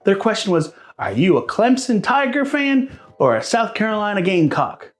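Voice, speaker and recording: A Pennsylvania realtor and local vlogger gives friendly, chatty advice straight to camera in a casual vlog, calling his viewers "guys." His voice is high-pitched and sing-song at a moderate pace.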